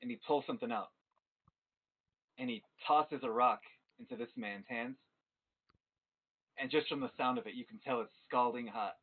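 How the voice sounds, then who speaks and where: A man narrating a tabletop game as game master, telling the scene in an animated way. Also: medium pitch, moderate pace, pauses often, slightly rough. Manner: animated storytelling. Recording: tinny phone-like stream audio.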